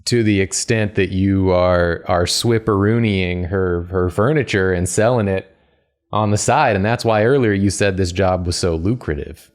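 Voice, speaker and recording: A man with a very low voice, playing a detective in a tabletop role-play. He talks in a teasing, joking way, coining silly words as he goes. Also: moderate pace. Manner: teasing, playful. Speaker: player.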